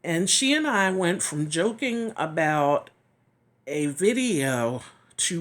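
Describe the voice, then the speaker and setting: A woman giving a heartfelt personal testimony, earnest and reflective, often pausing and sometimes dropping to a whisper. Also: on the low side, sing-song. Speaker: chronic illness vlogger.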